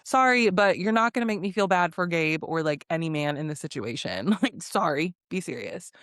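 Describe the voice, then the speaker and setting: A woman's voice: fairly low pitch, animated, moderate pace, a bit bright, dry recording, studio quality. A woman giving a casual reality TV recap, blunt, sassy and profane, often breaking into laughter. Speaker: recap vlogger.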